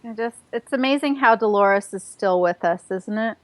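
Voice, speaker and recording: A woman hosting a radio interview, asking questions and encouraging her guest with quick affirmations. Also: mid-range voice, no room sound. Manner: encouraging, frequent short affirmations. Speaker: radio show host. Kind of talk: interview host chat.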